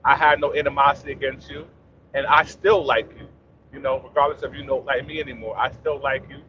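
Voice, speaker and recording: A man in his thirties, a panelist in casual chat, speaking calmly and softly with many fillers, on dull lo-fi audio. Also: medium pitch, brisk, noisy background. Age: 30s. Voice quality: soft-spoken, calm, many fillers.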